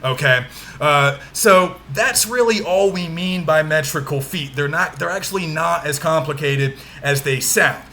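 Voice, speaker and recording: A man's voice: fairly high pitch, pushed and bright, a little hiss or hum. A man teaching a recorded lecture, patient and repetitive, checking in with students with frequent "okay?" as he explains.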